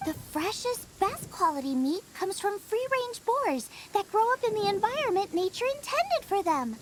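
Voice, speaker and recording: A woman's voice: very high-pitched, sing-song, normal speed, slight background noise. A woman voicing a cheerful, food-obsessed young female chef who rambles enthusiastically about recipes in a video game. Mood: apologetic. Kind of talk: video game cutscene voice acting. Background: game music.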